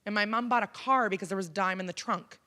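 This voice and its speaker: A woman's voice: mid-range voice, fast talker, pushed and bright. A woman in her thirties, from Canada, speaking frankly and conversationally to an audience as a keynote speaker, with frequent ums. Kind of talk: personal story talk to an audience. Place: college auditorium.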